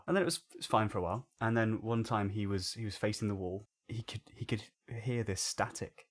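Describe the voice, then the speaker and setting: A man's voice: lowish voice, fast, hardly any pauses. Man telling a story. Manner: animated, swears and acts out quotes. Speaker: podcast co-host. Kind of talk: casual storytelling.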